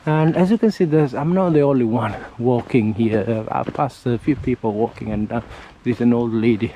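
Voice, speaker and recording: A man from Italy with an Italian accent, chatting casually on a walking vlog and often pausing to search for words, talking into a camera outdoors on a windy street. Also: mid-range voice, mellow, poor audio. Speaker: vlogger. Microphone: camera mic held near the face. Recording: faint wind and traffic noise outdoors.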